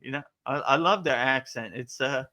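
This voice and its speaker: Bright-voiced man teaching yoga. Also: medium pitch, normal speed, highs cut off. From United States. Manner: animated, laughs often, repeats "you know" and "right". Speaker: yoga teacher hosting a live Q&A. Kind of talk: casual livestream chat and spiritual teaching.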